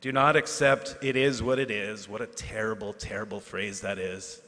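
A man, a teacher giving a graduation speech, earnest and self-deprecating, with asides and pauses for effect. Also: lowish voice, steady tone, bright, forceful tone, soft background music. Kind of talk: ceremonial speech. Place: large hall at a ceremony. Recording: hall reverb.

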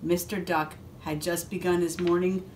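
A woman police officer reading a picture book aloud to a first grade class, expressive and adding asides to the children. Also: lowish voice, moderate pace, slight background noise.

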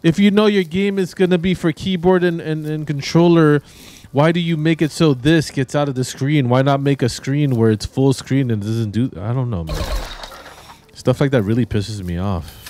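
A man's voice: medium pitch, moderate pace, a little mellow, slight background noise. A man giving casual, rambling gameplay commentary as a YouTuber, easily exasperated and laughing often. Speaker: gaming YouTuber. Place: home room with white background.

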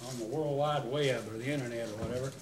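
A man's voice: mid-range voice, fairly even intonation, fast, a crowd in the background. A man, questioning a witness at a public hearing, emphatic and rambling with many restarts. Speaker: utility commissioner at a public hearing. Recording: echoey hearing room, mic at a distance.

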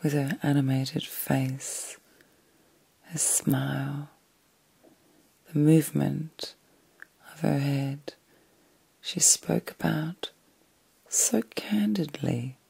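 A middle-aged woman hosting a whispered ASMR vlog from bed at night, talking in a slow, soothing and reflective way. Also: deep voice, vocal fry, warm tone, husky, no room sound. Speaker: ASMR host.

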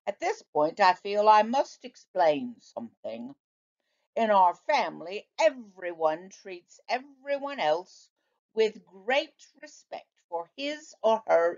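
A woman teacher reading a children's book aloud in a slow, expressive storytelling manner, in a dull lo-fi recording. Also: lowish voice.

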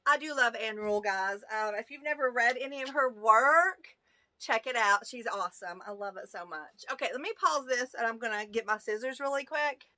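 A woman with a rural American accent hosting a casual unboxing video, excitable and gushing as she talks to her viewers. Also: fairly high pitch, moderate pace, dry recording. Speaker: YouTube channel host. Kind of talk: casual unboxing of fan mail.

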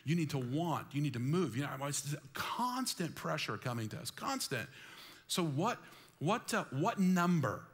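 Man, pastor, sermon, lively, call-and-response, repeats phrases, higher-pitched voice. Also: unhurried, husky. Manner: energetic, calls on the congregation to respond; repeats and restarts phrases for emphasis. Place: church sanctuary.

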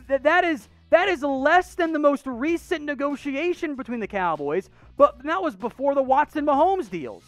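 A sports show host tears through viewer questions in casual mailbag commentary, blunt, opinionated and sarcastic. The delivery is lively, with pitch leaping up and down in rapid-fire bursts. The voice sits dry and close, with faint music underneath. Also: no echo. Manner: animated, rapid-fire ranting with restarts.

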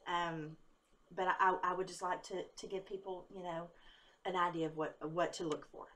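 A woman's voice: on the low side, steady tone, moderate pace, fairly bright tone, slight background noise. A tired woman talking straight to camera as a psychic vlogger, rambling and candid, laughing often and swearing when angry. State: tired after a workday. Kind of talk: casual talk to camera.

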